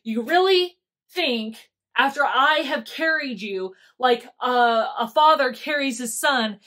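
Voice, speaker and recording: A woman's voice: fairly high pitch, a bit bright, lightly acted. A woman voicing an exasperated God, male deity, scolding his people in slangy, incredulous speech.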